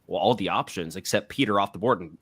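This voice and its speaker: A man's voice: lowish voice, fast talker, a bit bright, breathy edge. A man co-hosting a podcast, chatting casually and thinking aloud, often repeating words as he starts sentences. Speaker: podcast co-host. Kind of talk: casual sports chat.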